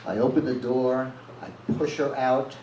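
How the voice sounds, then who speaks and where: A man's voice: medium pitch, flat delivery, unhurried, mellow. Blunt male storyteller at a live reading, plain-spoken; echoey room, distant mic, noisy. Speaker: reader at a live reading series. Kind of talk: reading a first-person story aloud. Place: live reading event venue. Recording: echoey room from far off, with noise.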